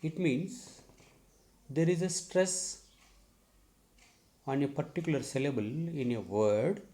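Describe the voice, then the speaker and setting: A middle-aged English professor from South India with an Indian English accent teaches a recorded lecture slowly and deliberately, repeating key terms and checking "okay?". His voice is on the high side, expressive and warm.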